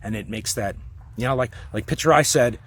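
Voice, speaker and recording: A man telling a personal story in a heated, rambling, profane rant, with sudden loud outbursts. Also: mid-range voice, fairly quick, slightly rough.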